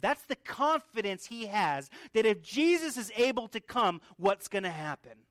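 A man's voice: high-pitched, very animated, a little slow, hardly any pauses, fairly bright tone, dry recording, clean studio sound. A male pastor preaching an expository sermon in an earnest teaching manner, often restarting and repeating words. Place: church.

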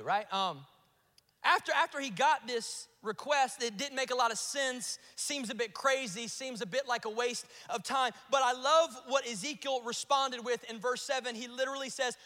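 A pastor from South Carolina with a Southern accent, preaching a sermon with emphatic repetition and rising peaks. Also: male voice, extremely high pitch, normal speed, pushed and bright. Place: large church auditorium. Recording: live sermon with long hall reverb.

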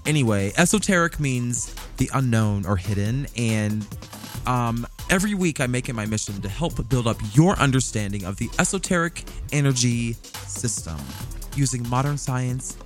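A man's voice: medium pitch, lively intonation, normal speed, soft background music. A man hosting a podcast, musing and rambling with many fillers and restarts. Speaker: podcast host. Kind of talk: casual podcast monologue.

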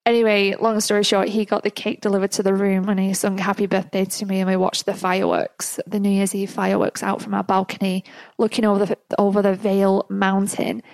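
A woman's voice: medium pitch, level tone, brisk, creaky, a little mellow, dry recording. Woman podcast host telling a story. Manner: chatty, laughs often through the story. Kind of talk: personal storytelling.

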